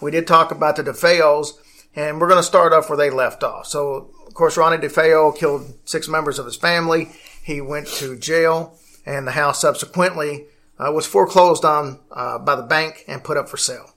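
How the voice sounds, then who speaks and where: Bright-voiced rambling male podcast host. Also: fairly high pitch, steady tone, moderate pace. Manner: rambling, restarts sentences often, chuckles along. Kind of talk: casual podcast chat.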